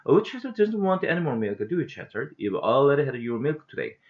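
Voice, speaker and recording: A Korean-accented man voicing a kindly, patient mother in a storybook read-aloud, speaking softly and coaxingly. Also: mid-range voice, sing-song, a little fast, close to an everyday voice. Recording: dull lo-fi home recording.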